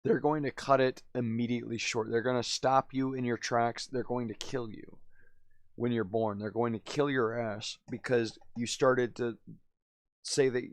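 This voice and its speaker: Gravelly, rambling young-sounding streamer guy. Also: mid-range voice, steady tone, normal speed, dry recording. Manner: rambling, slangy, says "dude" and "man" constantly; laughs often, drifts loud then quiet. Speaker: live streamer. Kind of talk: casual rambling storytelling.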